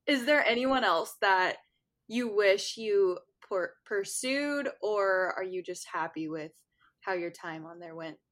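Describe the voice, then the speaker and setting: A woman's voice: medium pitch, animated, slow pace, a bit bright. A woman hosting a podcast, asking eager, upbeat questions in casual chat. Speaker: podcast host. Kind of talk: casual interview.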